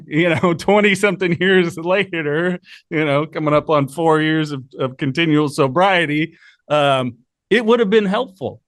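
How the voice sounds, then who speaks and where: A man hosting a podcast, asking a question in a hesitant way with many pauses and fillers. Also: a little high, fairly bright tone, no echo, clean studio sound. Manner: hesitant, many ums and uhs. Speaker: podcast host. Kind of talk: casual interview.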